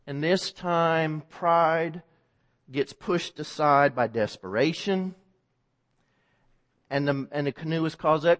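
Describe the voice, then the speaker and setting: A high-pitched man preaches in a big hall that gives his voice a long ringing reverb. He tells a story vividly, repeating and restarting as he goes. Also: slow pace, fairly bright tone. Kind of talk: sermon storytelling.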